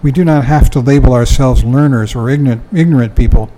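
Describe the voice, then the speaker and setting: A man's voice: medium pitch, quick pace, warm tone, slight background noise, rough recording. An older man giving a dharma talk, reading from a book and commenting in a conversational way, often chuckling and saying "you know".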